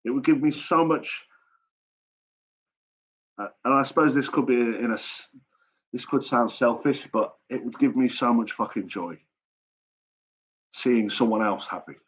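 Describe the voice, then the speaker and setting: A man's voice: medium pitch, a little slow, long pauses, husky. Sweary, rambling man on a live chat. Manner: sweary, rambling and blunt, talking straight to chat. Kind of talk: casual live-stream chat. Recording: dull lo-fi stream audio.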